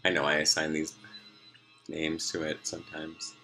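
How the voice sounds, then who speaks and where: Low-voiced man, rambling diary talk at home, crisp bright tone. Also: completely flat delivery, moderate pace, soft background music. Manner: meandering, sidetracked, many fillers, laughs often. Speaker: vlogger. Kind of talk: rambling personal video diary. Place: room at home at night.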